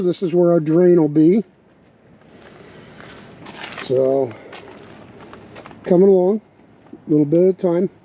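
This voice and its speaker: Working on a truck tank at a windy campsite, this RV vlogger speaks in a slightly high voice with a faint bark, thinking through the project out loud in an easygoing way. Wind noise comes through in the dull, low-fidelity recording.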